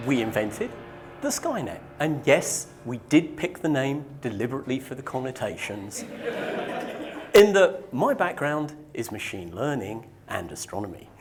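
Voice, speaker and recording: Here the same conference speaker from Norfolk, England, jokes self-deprecatingly through a technical talk before a live crowd. He speaks at a medium pitch with a sing-song lilt, going a little slowly.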